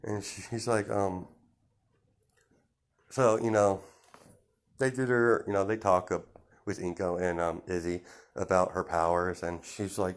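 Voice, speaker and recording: A man's voice: low voice, little pitch movement, unhurried, long pauses. A man telling an improvised story in a casual, rambling way, full of fillers and restarts. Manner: rambling, many fillers and restarts, laughs at himself.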